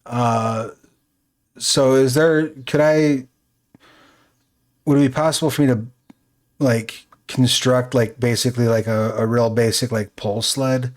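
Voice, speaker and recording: A man's voice: mid-range voice, fairly even intonation, unhurried, pauses often. A man playing a tabletop game, talking casually and hesitantly, thinking aloud with fillers. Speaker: player.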